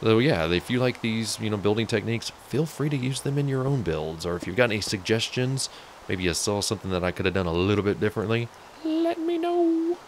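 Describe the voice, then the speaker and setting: Speaking quickly in a fairly low voice, this man hosts a let's play and chats his way through his game build. His commentary is casual and jokey, aimed right at the viewers, with slight noise in the background.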